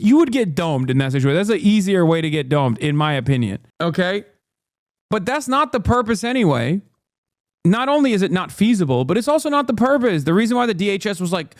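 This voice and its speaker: Man, streamer host, sarcastic, profane, high voice, dry sound. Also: very animated, fairly quick, no room sound. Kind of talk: casual political commentary.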